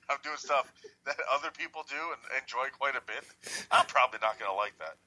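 Bright-voiced man telling a rambling story. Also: mid-range voice, a little fast, rough recording. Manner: rambling, profane, jokey storytelling. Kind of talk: casual storytelling chat.

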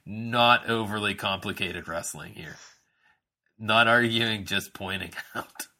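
A man's voice: fairly low pitch, takes it slowly, sharp tone. A man co-hosting a casual wrestling chat, rambling with many fillers and restarts and often laughing. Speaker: podcast co-host.

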